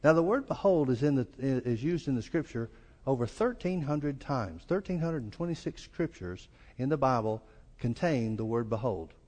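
Man, southern accent, pastor sermon, folksy, mid pitch, long hall reverb. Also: animated, normal speed, a little mellow, breathy edge. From American South. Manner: folksy, acts out quoted lines with rising pitch.

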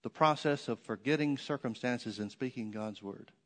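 A man's voice: medium pitch, normal speed, fairly bright tone. A man delivers a sermon in a storytelling way, driving points home by repeating phrases. His voice sits in the middle range for a man. The sound carries a long hall reverb. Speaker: preacher.

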